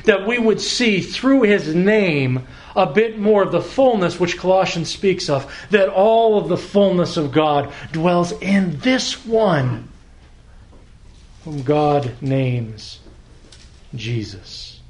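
A man preaching a sermon as pastor, earnest, slowing down for emphasis and sometimes repeating words as he searches for them. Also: high voice, animated.

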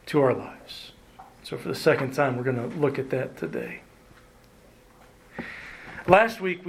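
A man preaching a sermon as pastor, earnest, slowing down and lifting his voice to stress key words. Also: fairly high pitch, rough recording. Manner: earnest preaching, slows and rises for emphasis, occasional restarts.

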